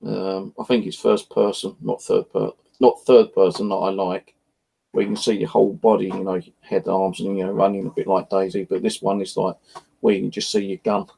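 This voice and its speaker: Frustrated man, gravelly and dark-toned, casual home vlog rant with lots of swearing. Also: low voice, level tone, fairly quick, rough recording. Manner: rambling, frustrated, swears often. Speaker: vlogger. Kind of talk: casual evening chat to camera. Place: at home, indoors.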